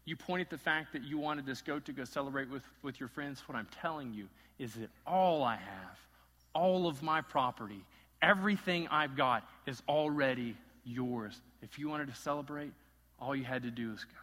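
A man voicing a patient, loving older father who reassures his son softly. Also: mid-range voice, moderate pace, long reverb tail. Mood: tender. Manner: soft, tender reassurance.

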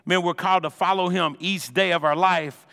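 Energetic male preacher, high bright voice, casual delivery in a reverberant sanctuary. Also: normal speed, gravelly. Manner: energetic, conversational preaching, says "man" constantly. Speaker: pastor. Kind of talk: sermon. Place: church sanctuary. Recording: long hall reverb.

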